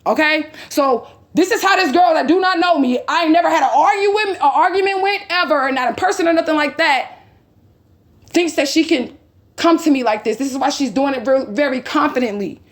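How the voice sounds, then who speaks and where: High-pitched woman vlogger, heated and profane, retells a quarrel line by line. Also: brisk. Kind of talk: angry personal storytelling.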